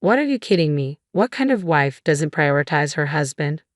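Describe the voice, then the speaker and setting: A woman voicing a bossy, insulting middle-aged husband who talks with contempt, read in a low, dry storytelling voice. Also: sing-song, moderate pace, no echo. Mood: scornful. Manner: yelling, contemptuous.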